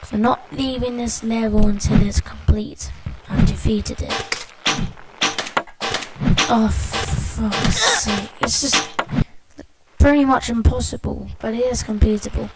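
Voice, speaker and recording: Excitable swearing woman gamer, loud hiss. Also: a little high, unhurried. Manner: excitable, swears often, exclaims at the game. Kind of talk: let's play commentary. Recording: loud background noise, amateur capture.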